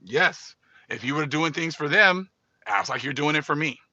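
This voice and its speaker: A man voicing a solemn male savior figure who asks measured questions. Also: a little high, sharp tone, no room sound, lo-fi sound, heavily acted.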